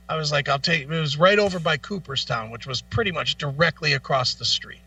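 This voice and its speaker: A man co-hosting a talk show, telling a long profane anecdote in a casual, animated way. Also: on the high side, moderate pace, creaky, distant mic, dull audio. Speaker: co-host. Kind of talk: casual storytelling.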